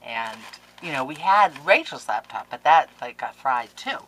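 A woman in her forties talks to her viewers in a low voice with a bright, forceful edge. Her pitch swings widely as she exclaims over the mail she opens. The talk is casual and effusive, recorded on a camera mic at home. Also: very animated, moderate pace, slight background noise, rough recording. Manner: effusive, emotional, exclaims often. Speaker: vlogger opening mail from viewers. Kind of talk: casual chat. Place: home craft room.

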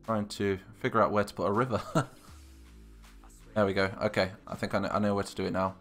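A man's voice: fairly low pitch, little pitch movement, fairly quick, a bit bright, faint music behind. A man from England, chatting casually on a live stream, thinking aloud with hesitant muttered asides.

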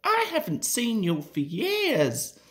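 A man's voice: extremely high pitch, huge pitch swings, slow pace, a bit bright, voice pushed up, full character voice. A man voicing a friendly old male steam engine who greets an old friend in a storybook reading. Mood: fond. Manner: fond, reminiscing.

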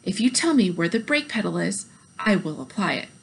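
A woman's voice: medium pitch, very animated, fairly quick, vocal fry, faint music behind, poor audio. A woman voicing a prim, eager older woman who speaks in formal, precise announcements in a storybook reading.

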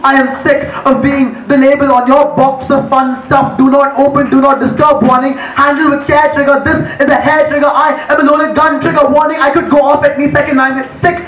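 A man's voice: extremely high pitch, flat delivery, fairly quick, hardly any pauses, a bit bright, dull audio. A man performing spoken word poetry live, intense and declamatory, shifting his pace between lines. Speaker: poet. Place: live poetry event in a venue. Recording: echoey live room recording.

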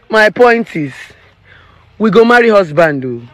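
A woman's voice: mid-range voice, lively intonation, normal speed, fairly bright tone, dry recording. A woman in her thirties with a Nigerian accent, a relationship therapist giving her opinions in a preachy, emphatic vlog rant. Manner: emphatic and preachy, slipping into Pidgin.

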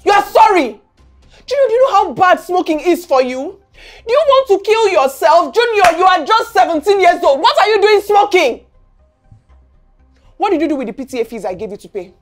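A woman's voice: extremely high pitch, very animated, brisk, soft background music. An actress with a Nigerian accent playing a stern middle-aged mother who scolds her son with insistent, repeated questions. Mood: angry. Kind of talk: film drama acting.

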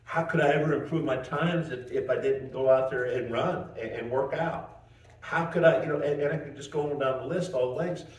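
A male pastor preaching a sermon in a folksy, animated storytelling way, chuckling and restarting as he goes. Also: medium pitch. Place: church. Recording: roomy church, mic at a distance.

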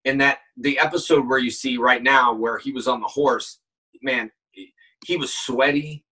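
A man talks through a call in a casual, animated way, breaking into sudden shouts and acted-out lines as he tells his stories. His voice is bright and a little husky, and it sounds set back from the microphone. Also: mid-range voice, normal speed, recorded from a distance, low-quality recording. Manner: animated storyteller, acts out shouts and quoted lines. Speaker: guest actor. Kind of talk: casual chat. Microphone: phone call.

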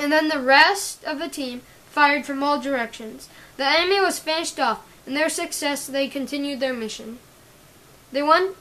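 A woman's voice: high-pitched, a bit bright, rough recording. A woman reading her own action story aloud, stumbling and correcting herself often. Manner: halting, often restarting and correcting words. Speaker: story reader.

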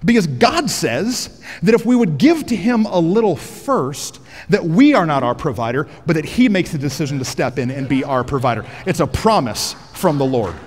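A pastor preaching a sermon on a headset mic in a large church auditorium, energetic and joking, rising to shouts for emphasis. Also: male voice, a little high, moderate pace, big-room sound.

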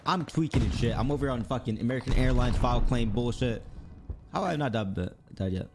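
Brief: young male streamer, mid-pitched, swears constantly, rambling anecdote while he plays. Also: fairly quick, noisy background. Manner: profane, rambling, animated retelling. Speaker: pro gamer streamer. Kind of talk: casual storytelling on stream.

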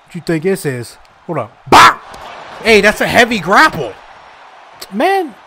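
A young man giving excitable, frustrated live commentary while playing a video game, trash-talking and yelling at the screen. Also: high voice, moderate pace, slight background noise. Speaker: gaming YouTuber.

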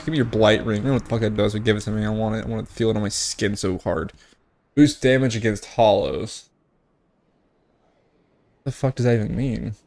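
A man's voice: fairly low pitch, a little mellow. A young man giving casual, profane gameplay commentary, joking and tipsy from whiskey, with sudden outbursts at the game. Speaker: gaming streamer.

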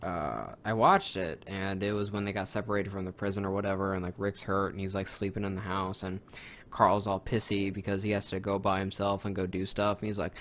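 A young man co-hosting a podcast in casual chat, profane and mocking, jumping into loud high impressions. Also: brisk, a little hiss or hum. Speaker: podcast co-host.

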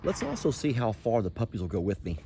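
A man, a ranch vlogger chatting folksily to the camera outdoors in a hot pasture, sometimes hushing and sometimes cooing at his animals. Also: lowish voice, very animated, fast, background noise. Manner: chatty and folksy, shifts between loud and hushed, coos at animals. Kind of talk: casual vlog talk to camera.

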